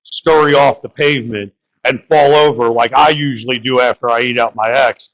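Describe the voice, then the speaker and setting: A man's voice: medium pitch, fairly even intonation, normal speed, creaky, fairly bright tone, dull audio. A young man from the Bronx doing crude, rambling open-mic stand-up and talking to the crowd. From New York (the Bronx). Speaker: stand-up comedian.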